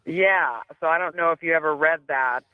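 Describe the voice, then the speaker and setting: A man's voice: fairly high pitch, normal speed, clear, resonant tone, dry recording. A man calling in to a radio show, earnest and asking probing questions. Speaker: caller. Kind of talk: chat on a radio call-in show. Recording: phone line.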